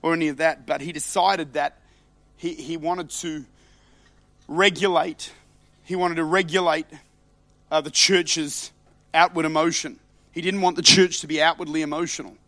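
A male preacher delivering a sermon in a high, bright, forceful voice. He jumps from hushed asides up to fervent shouts and often stumbles into repeated words. The sound is close and dry. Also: fairly even intonation, normal speed, long pauses, no room sound. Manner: passionate, swings between loud shouts and quiet asides, repeats words.

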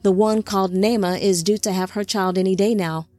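A woman voicing a remorseful male angelic being who speaks formally and gently. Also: mid-range voice, fairly even intonation, no room sound, soft background music, lightly acted. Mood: solemn. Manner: formal, measured.

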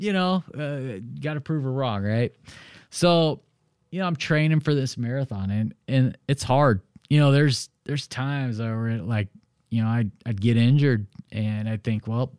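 A man's voice: lowish voice, no room sound, clean studio sound. A man hosting a real estate podcast, talking in a casual solo monologue and telling stories with lots of "you know" fillers. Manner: animated storytelling, many "you know" fillers.

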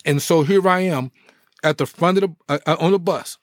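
A middle-aged man, a former pro athlete, telling his life story in a podcast interview with animated, preacher-like energy. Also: on the high side, normal speed, no echo, clean studio sound. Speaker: guest, former pro football player.

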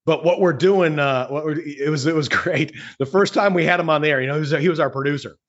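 A middle-aged man, a longtime radio host, chatting casually and often repeating words as he tells stories. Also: a little high. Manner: halting, repeats words, storytelling. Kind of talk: casual chat. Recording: dull lo-fi sound.

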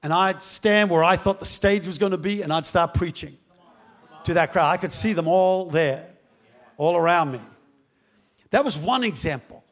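A male pastor preaching a dramatic storytelling sermon that swings up to shouting. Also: sits high, moderate pace.

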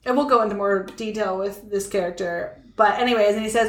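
A woman's voice: medium pitch, moderate pace, hardly any pauses, reverberant. A woman co-hosting a podcast, chatting casually as she sums up a film plot with many fillers and asides. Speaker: podcast co-host.

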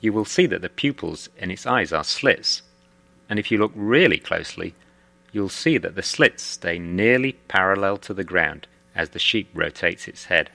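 A man narrating a documentary clip in a calm, explanatory way. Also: low-pitched, moderate pace, creaky. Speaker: video narrator.

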